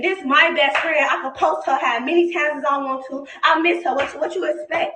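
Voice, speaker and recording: Furious high-voiced woman ranting on a livestream. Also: moderate pace, echoey room, background noise. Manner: heated, profane, defensive, repeats herself. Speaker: livestreamer answering critics. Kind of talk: angry live-stream rant. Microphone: phone livestream.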